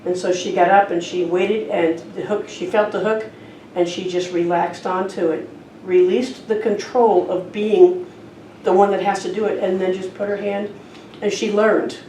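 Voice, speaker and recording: A woman's voice: mid-range voice, fairly even intonation, normal speed, mellow. A woman minister giving a sermon in a conversational storytelling manner, in a church. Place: church sanctuary. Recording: roomy, distant church hall recording with faint noise.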